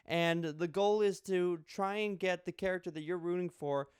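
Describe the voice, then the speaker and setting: Young guy chatting about a board game, high voice, smooth and dry. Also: normal speed, no room sound. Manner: chatty, rambling with restarts and jokes. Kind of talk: casual video review.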